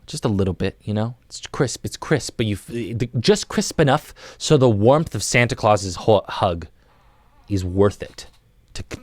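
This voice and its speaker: Young man, low voice, dry close sound, playful mock guided meditation, soft and drawn-out, frequent restarts. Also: no room sound. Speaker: podcast guest.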